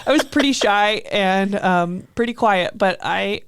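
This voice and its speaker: A woman's voice: mid-range voice, unhurried, clean tone, dry recording. A young woman co-hosting a podcast in casual, chatty talk, often laughing. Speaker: podcast co-host. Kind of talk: casual chat.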